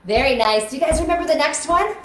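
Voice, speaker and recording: A woman's voice: sits high, animated, quick pace, slight background noise. A young woman teaching a kids' music lesson on a live stream, coaxing children to join in with motions. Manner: upbeat, coaxing, talks to kids with motions. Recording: echoey room with faint music.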